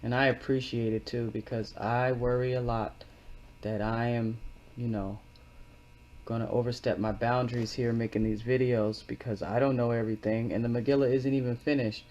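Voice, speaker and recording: A man's voice: medium pitch, little pitch movement, moderate pace, a little mellow, lo-fi sound. A man in his living room, giving rambling, earnest commentary between readings of scripture as the host of his own channel. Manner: earnest, rambling, repeats words while explaining. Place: living room with wooden walls.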